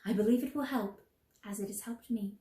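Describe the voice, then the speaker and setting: A woman leading a children's sing-along, gently encouraging, singing show tunes and teaching yodels. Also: medium pitch, brisk, echoey room.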